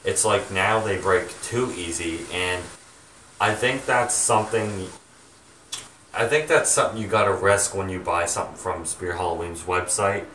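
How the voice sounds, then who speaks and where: A young man chatting to his viewers, rambling and halting with many ums and restarts. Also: low-pitched, steady tone, sharp tone, reverberant, distant mic, a little hiss or hum. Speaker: vlogger, home haunt maker. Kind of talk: rambling casual chat to viewers.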